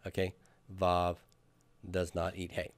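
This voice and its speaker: A man with a low, slow, entirely flat voice teaches a Hebrew grammar class. He patiently drills his students and has them repeat after him, mixing lecture with questions.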